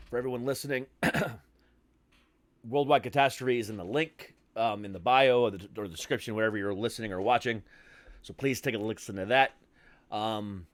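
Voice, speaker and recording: A man's voice: on the low side, no room sound. A man hosting a podcast interview, joking and laughing in casual banter with a habit of swearing. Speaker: podcast host.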